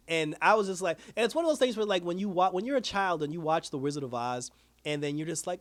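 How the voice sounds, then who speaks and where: A man hosting a casual TV episode review, retelling scenes in an animated way with quoted dialogue and frequent laughs. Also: on the high side, fast. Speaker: TV review host.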